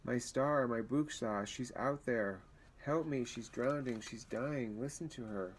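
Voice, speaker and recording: A man's voice: medium pitch, unhurried, slight background noise, voice pushed up, natural voice. A man reading aloud as a frightened young boy who pleads for help. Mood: pleading. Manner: pleading, upset.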